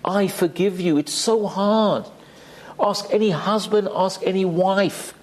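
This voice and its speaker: A man's voice: sits high, takes it slowly, a little mellow. A man giving an emphatic Torah class, dropping Hebrew terms into his talk. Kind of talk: sermon. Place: community synagogue hall.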